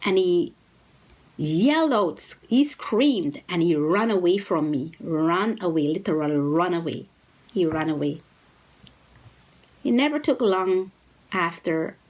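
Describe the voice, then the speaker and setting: A woman's voice: lowish voice, rough recording. A woman telling a story from her own life, earnest and repeating phrases for emphasis. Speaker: vlogger telling a personal story. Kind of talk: personal storytelling.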